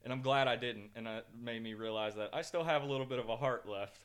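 A man's voice: medium pitch, fast, fairly bright tone. A man co-hosting a podcast, telling rambling stories in casual chat, swearing freely and making mock threats. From northern United States. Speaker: podcast co-host.

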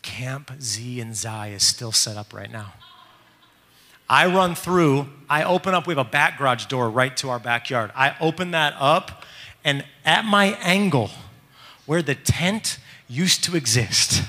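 Animated, bright-voiced man telling a story. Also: mid-range voice, in a large hall. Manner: animated, excitable, fast-shifting delivery. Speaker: father telling a family story. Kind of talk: casual storytelling.

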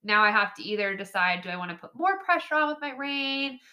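A woman's voice: mid-range voice, brisk. A woman hosting a horse training podcast, giving casual, chatty coaching with frequent laughs and "right?" asides. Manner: chatty, animated, laughs often, says "right?" and "like".

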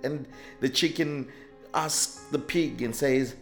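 A man's voice: on the high side, expressive, measured pace, soft background music. A man speaking as a pastor, telling a short story and then leading a fervent prayer in a devotional sermon.

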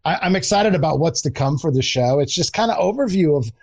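A man's voice: a little high, gravelly, dry recording. Earnest male co-host, dry sound. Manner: relaxed, earnest, halting. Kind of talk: casual live audio chat.

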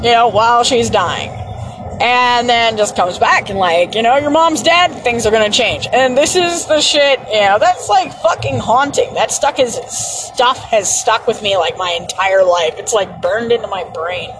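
A woman's voice: fairly high pitch, measured pace. A young woman chatting casually, rambling through stories with frequent laughs and swearing. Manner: laughs often, swears, loose rambling storytelling. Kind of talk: casual chat. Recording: distant mic with faint noise.

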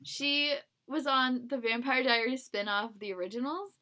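A young woman co-hosting a podcast in casual chat, chatty and giggly, with quick asides. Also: high-pitched, bright, forceful tone. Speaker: podcast co-host.

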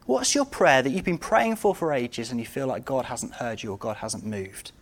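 A man preaching a sermon, asking his congregation rhetorical questions and moving between loud outbursts and quiet, intimate moments. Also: mid-range voice, lively intonation, moderate pace.

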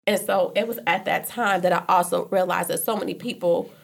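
As a guest, a woman earnestly shares a personal story in a low, gravelly voice with a steady tone and a fairly quick pace. She speaks loosely, often starting over and leaning on "like."

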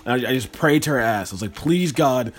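Young male podcast co-host, rapid-fire and excitable, medium pitch, salty language. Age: young adult. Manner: fast, excitable storytelling with swearing. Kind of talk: casual podcast chat.

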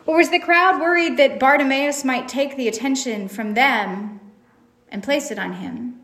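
A woman's voice: high-pitched, normal speed, a bit bright. A woman preaching a sermon, retelling a story in a reflective way and asking rhetorical questions.

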